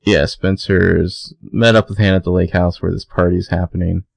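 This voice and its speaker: Low-voiced man in casual recap chat. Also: level tone, normal speed, creaky, no room sound. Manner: casual, filler-heavy, laughs often. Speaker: podcast co-host.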